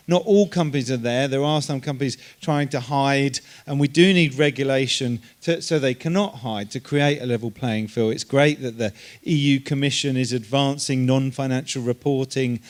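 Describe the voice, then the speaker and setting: Measured man explaining on a panel. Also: medium pitch, fairly even intonation. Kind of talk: conference panel answer.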